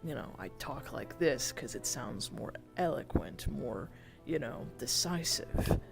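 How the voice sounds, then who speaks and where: Man voicing an irritable young guy, gravelly voice, swearing, sighing, faint music behind. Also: medium pitch, lively intonation, measured pace. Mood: exasperated. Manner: swears often, sighs, sounds exasperated; tries to speak formally, but a drawl slips in. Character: grey-haired young man, irritable and touchy. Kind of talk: voice role-play in a virtual world.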